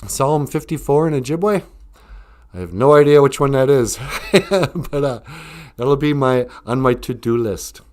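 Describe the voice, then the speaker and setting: Slow, rambling man joking on a live stream. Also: mid-range voice, animated. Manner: rambling, joking, laughs often. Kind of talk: casual live-stream chat, reading viewer comments.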